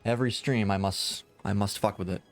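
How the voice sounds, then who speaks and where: Rambling low-voiced man streaming a game. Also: fairly even intonation, a little fast, soft background music. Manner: rambling, self-deprecating, swears casually. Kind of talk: casual gameplay chat. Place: home room with a VR setup.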